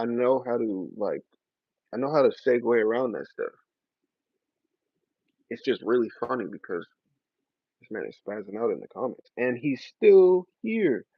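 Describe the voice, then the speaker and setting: A man's voice: mid-range voice, creaky, dry recording. A young man chatting casually with his live-stream viewers in a loose, slangy way, often laughing as he talks. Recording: dry, slightly dull lo-fi audio.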